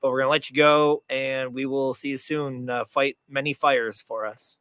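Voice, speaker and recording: A man hosts a casual sports podcast. His voice is bright and sits dry and close to the mic. He talks in halting bursts, restarting his sentences often. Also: medium pitch, level tone, smooth, no room sound. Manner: halting, many restarts and fillers. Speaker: podcast host. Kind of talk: casual fantasy football chat.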